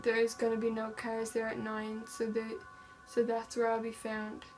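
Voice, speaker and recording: A woman's voice: fairly high pitch, monotone, a little slow, faint music behind, rough recording. A young woman vlogger casually retelling a true-crime story, reading text messages aloud with lots of "like" fillers.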